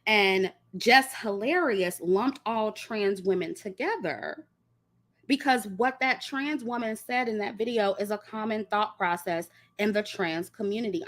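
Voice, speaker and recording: A woman's voice: mid-range voice, measured pace. A woman giving an emphatic opinion monologue and speaking straight to her viewers. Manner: blunt, emphatic, addresses viewers directly. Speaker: commentary vlogger.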